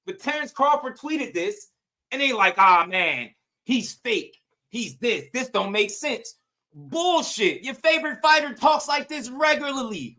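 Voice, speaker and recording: A man's voice: extremely high pitch, a bit bright. A man hosting casual boxing commentary, ranting with profanity, slang and rhetorical questions.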